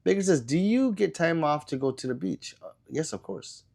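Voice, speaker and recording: A man's voice: a little high, expressive, moderate pace, vocal fry, a little mellow. Sick man casually reading livestream chat. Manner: loose and rambling, with many fillers and trailing answers. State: sick, coughing. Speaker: livestream host.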